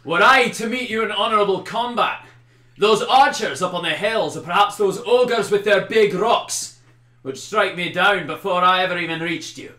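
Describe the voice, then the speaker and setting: A man voicing a cool, wary male commander who distrusts orcs and speaks quickly, in a measured way, in a tabletop game. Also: fairly even intonation, lightly acted. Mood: shouting. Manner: quick, measured and low, rising to shouts. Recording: roomy echo.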